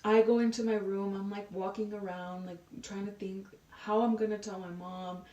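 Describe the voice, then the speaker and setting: A woman's voice: medium pitch, steady tone, moderate pace, mellow, highs cut off. A woman in her twenties, a podcast guest, telling a personal story in a casual, chatty way with a lot of "like" fillers. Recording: roomy echo, distant from the mic.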